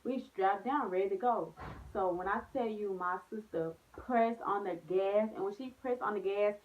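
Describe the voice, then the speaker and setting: A woman's voice: mid-range voice, normal speed, slight background noise. A young woman chatting casually in a vlog, telling stories with lots of slang and "like"s. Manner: animated storytelling with slang and many "like"s. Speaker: vlogger. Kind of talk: storytime vlog, casual chat. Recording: phone-like narrow sound.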